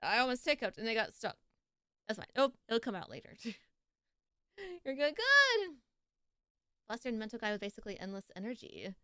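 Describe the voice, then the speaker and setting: A bubbly young woman chats on her live stream, giggling and greeting viewers with a bright, clear, very lively voice. Her pitch sits a little high. The sound is close and dry. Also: quick pace, no echo. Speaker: streamer reacting to videos. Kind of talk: casual live-stream chat.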